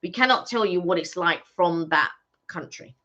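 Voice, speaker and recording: A woman's voice: fairly low pitch, normal speed, bright, forceful tone. A woman, co-hosting a casual live stream and chatting in a rambling way with many fillers. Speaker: co-host. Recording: dull lo-fi sound.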